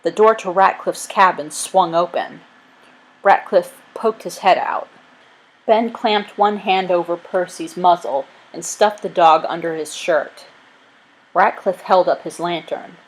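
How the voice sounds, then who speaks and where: A woman reading a chapter book aloud as narrator, in a clear, lively way. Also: on the low side, a little slow, poor audio. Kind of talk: storybook read-aloud.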